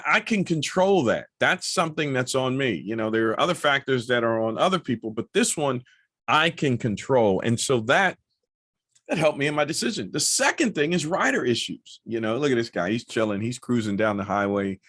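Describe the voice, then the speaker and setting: A man's voice: medium pitch, a bit bright. A middle-aged man talking casually to camera as a motorcycle vlogger, chatty and anecdotal with many asides.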